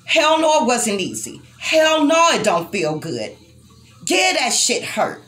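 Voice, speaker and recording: Young woman tarot reader, animated higher voice, emphatic and tender, swears freely. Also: slow, a little hiss or hum. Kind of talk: tarot reading addressed to viewers.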